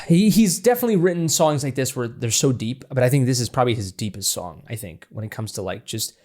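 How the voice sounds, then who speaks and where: An enthusiastic man hosts a music reaction video, analyzing a song in loose casual talk. He rambles, restarts his sentences and gushes freely about what he hears. His voice sits at an ordinary middle pitch. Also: animated, a little fast, a little mellow. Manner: enthusiastic, rambling with restarts, breaks into scatting and laughter. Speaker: music reaction channel host.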